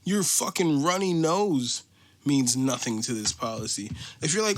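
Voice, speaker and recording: A man's voice: a little high, expressive, a little slow. An American man hosting a podcast, ranting in a casual, profane, mocking way. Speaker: podcast host.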